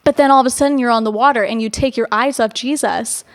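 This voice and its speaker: A young woman co-hosting a faith podcast, reading scripture aloud and talking through it with a friend, animated when acting out feelings. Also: on the high side, fast.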